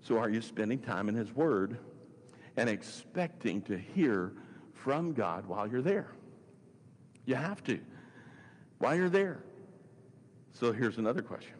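A man's voice: medium pitch, sing-song, measured pace, pauses often, long reverb tail, a little hiss or hum. A man teaching as a pastor, earnest and probing, asking his listeners rhetorical questions and often restarting his phrases. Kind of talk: sermon podcast teaching.

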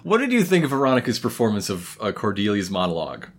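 Wry man with a lively voice. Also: lowish voice. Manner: wry, jokey asides with quick quips. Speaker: podcast co-host. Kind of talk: casual recap chat.

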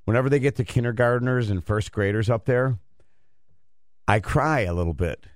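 A middle-aged man hosting a radio show, rambling and halting as he tells a story in casual banter. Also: mid-range voice, no echo, studio quality. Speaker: radio host.

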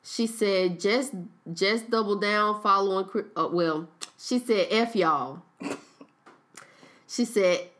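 A young woman co-hosting a podcast in casual chat, retelling a story with lively quotes and laughing at her own slips. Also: mid-range voice, slow. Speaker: podcast co-host.

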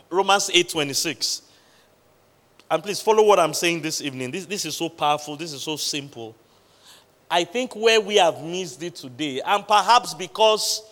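A man preaching a midweek sermon, with emphatic pauses, quoting scripture and repeatedly questioning the congregation. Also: fairly high pitch, fairly bright tone. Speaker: pastor. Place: large church hall. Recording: long hall reverb.

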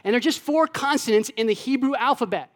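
A man from Florida preaching a sermon to his church, animated, acting out voices and dropping to a hush at times. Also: extremely high pitch, fairly quick. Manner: animated, acts out God's voice and his own childhood taunts, with soft hushed stretches. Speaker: pastor. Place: church sanctuary with long reverb. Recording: echoey church hall.

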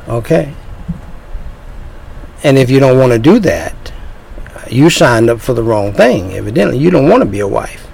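Male preacher, gravelly, mid-pitched, confrontational sermon delivery. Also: animated, normal speed, pauses often, a little mellow, low-quality recording. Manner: combative, lecturing, drops to low menacing asides.

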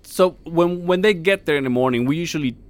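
A man's voice: a little high, a little fast, dry recording. A man co-hosting a podcast, telling a work story in casual, profane chat. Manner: profane, animated, swears a lot. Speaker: podcast co-host; construction worker.

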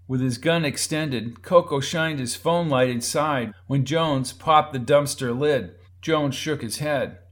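With a slow pace and few pauses, a man narrates a crime novel for an audiobook, giving each character's lines their own delivery. His mid-range voice sounds a bit bright.

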